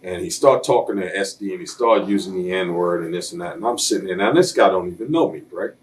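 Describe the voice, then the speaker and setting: A man's voice: sits low, quick pace. A man in a sit-down interview, telling blunt, streetwise stories and acting out other people's lines as he goes. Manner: blunt, streetwise storyteller who acts out quoted voices. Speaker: interview guest. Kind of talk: shoot interview storytelling.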